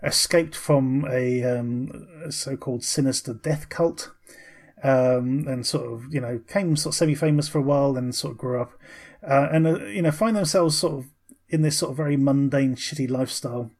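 A man's voice: medium pitch, normal speed, a little mellow. A man co-hosting a casual film review podcast, talking with many ums and restarts. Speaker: podcast co-host.

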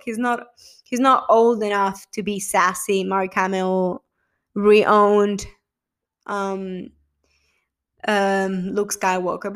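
A young woman vlogging casually about a TV episode, gushing and emotional, swearing freely and acting out quotes. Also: mid-range voice. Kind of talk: casual chat.

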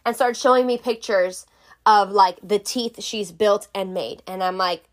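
A woman's voice: medium pitch, measured pace. A young woman telling a storytime vlog in a blunt, exasperated, profane way. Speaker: vlogger.

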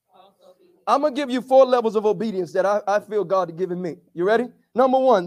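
Male pastor, high voice, energetic call-and-response sermon delivery. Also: fast talker. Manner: call-and-response preaching, rising to shouts.

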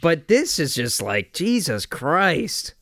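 A man's voice: a little high, very animated, slow pace, fairly bright tone, dry recording. A man hosting a podcast, casually chatting about a film, swearing, laughing and acting out scenes. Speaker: podcast host.

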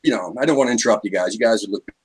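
A man's voice: lowish voice, racing, husky. A man in a casual chat, telling an upbeat, chatty anecdote.

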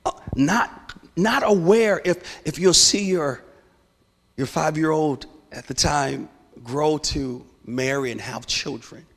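A man preaching a sermon as a guest speaker, telling his story with rising passion until he is declaring loudly. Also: fairly high pitch, slow. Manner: impassioned, building to loud declarations. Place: church sanctuary. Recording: long hall reverb.

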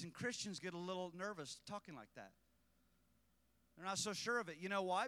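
A man preaching a fiery sermon to a congregation, blunt and mocking, building to impassioned, shouted emphasis. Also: high-pitched. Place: church service.

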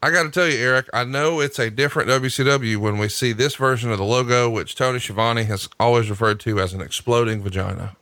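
A man's voice: mid-range voice, steady tone, quick pace, few pauses, sharp tone, no echo, clean studio sound. A man co-hosting a podcast, reading an ad and chatting casually before a watch-along. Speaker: podcast co-host. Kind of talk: casual podcast chat and ad read.

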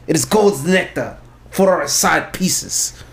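A man putting on a slow, crude Russian braggart. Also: a little high, animated, creaky, slight background noise, full character voice. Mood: mock proud. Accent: put-on Russian. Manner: slow, deliberate mock-accent reading.

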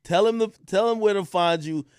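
Man, moderator, teasing, playful, casual chat, higher voice. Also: fairly quick, a little mellow, smooth, dry recording. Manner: teasing, playful, laughs often.

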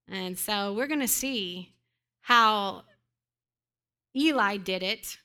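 A woman's voice: fairly high pitch, expressive, unhurried, bright, forceful tone. A woman preacher teaching a congregation, urging them on with emphatic, repeated commands. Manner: emphatic, repetitive exhortations. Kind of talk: sermon teaching.

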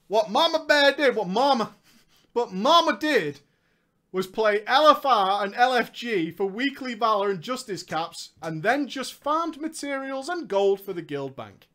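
Brief: young male storyteller, high bright voice, sarcastic comic delivery. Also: expressive, slow pace, long pauses. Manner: sarcastic, jokey, laughs often. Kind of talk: comedic gaming storytime.

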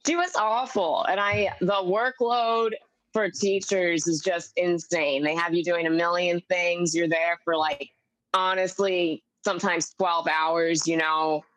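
A woman's voice: on the low side, steady tone, measured pace, a bit bright, no room sound, low-quality recording. A young adult woman chatting as a podcast guest over a video call. She rambles, fills her talk with "like" and acts out other people's lines. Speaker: guest comedian. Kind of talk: casual chat.

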